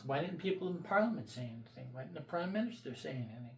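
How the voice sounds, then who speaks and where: A man's voice: fairly high pitch, lively intonation, fast, gravelly, a little mellow, reverberant. A man vlogging his opinions in a blunt, profane, rambling rant.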